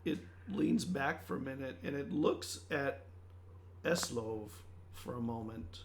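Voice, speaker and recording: Gravelly man narrating as game master. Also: mid-range voice, slow. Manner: loose, searching narration with many restarts. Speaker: dungeon master.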